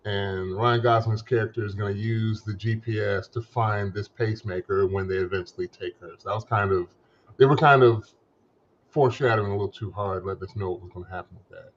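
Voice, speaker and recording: A man's voice: lowish voice, fairly even intonation, fairly quick, dull audio. A man co-hosting a casual movie discussion, analytical with slangy asides.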